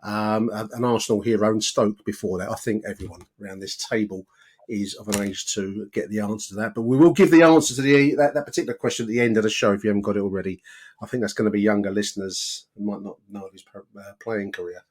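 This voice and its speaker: A man's voice: fairly low pitch, quick pace, darkish tone. Chatty man hosting a football podcast. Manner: chatty, rambling with filler words. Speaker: podcast host. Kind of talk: casual football podcast chat.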